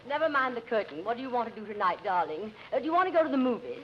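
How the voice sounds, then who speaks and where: A woman's voice: a little high, sing-song, rapid-fire, highs cut off. A woman playing a silly, melodramatic young heroine in overwrought soap-opera fashion. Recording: scratchy 1940s radio, studio audience.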